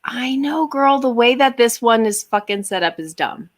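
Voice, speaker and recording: A woman's voice: on the high side, animated, normal speed. A woman co-hosting a casual chat, reading items aloud and laughing often. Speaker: co-host.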